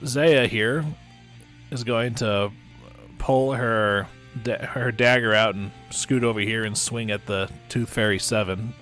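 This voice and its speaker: A man's voice: lowish voice, steady tone, slow, a bit bright, soft background music. A man running a tabletop game as game master, describing the action casually with many restarts. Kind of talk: narrating and ruling a tabletop game.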